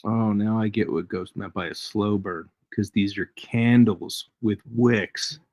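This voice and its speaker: A man's voice: fairly low pitch, fairly even intonation, unhurried, a little mellow, dry recording. A man hosting a casual live trading stream, chatty and jokey, chuckling as he reads charts aloud. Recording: dry, dull lo-fi stream audio.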